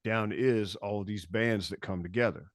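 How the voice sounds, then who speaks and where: Low-pitched laid-back male guest, rambling musician stories, dry close sound. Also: normal speed, dry recording. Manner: laid-back storytelling, frequent restarts and swearing. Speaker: podcast guest, touring musician. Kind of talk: casual interview chat.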